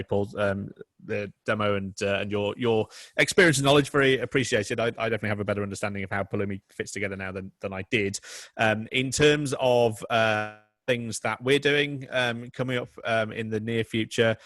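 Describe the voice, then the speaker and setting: A man hosts a webinar in a low voice, recorded dry and close. He speaks hesitantly and fills pauses with ums. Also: steady tone, fairly bright tone, dry recording. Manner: hesitant, filler-heavy. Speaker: webinar host. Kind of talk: hosting a webinar discussion.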